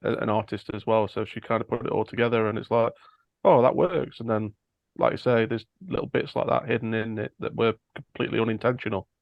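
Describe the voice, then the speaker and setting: A man with a gravelly, fry-laden voice at a middle pitch talks loosely and rambles, with dry, sarcastic humor. The sound is dull and dry, with no room around it. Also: level tone, fast talker, dry recording. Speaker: band member. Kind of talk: casual interview chat.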